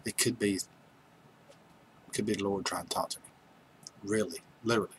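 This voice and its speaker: A man's voice: fairly low pitch, fairly even intonation, brisk, slight background noise, rough recording. A man hosting a livestream, chatting casually and joking with viewers as he reads their names aloud. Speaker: livestream host. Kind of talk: casual chat with live viewers.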